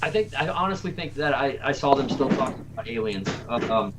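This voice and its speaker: A man's voice: mid-range voice, lively intonation, a little fast, background noise. A man from Tennessee hosting a casual livestream chat, rambling and laughing as he repeats his words. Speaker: host.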